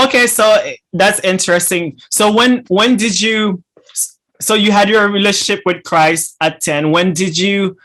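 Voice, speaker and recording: A man's voice: high voice, a bit bright. A man hosting an interview, asking hesitant questions and restarting his sentences. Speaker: podcast host.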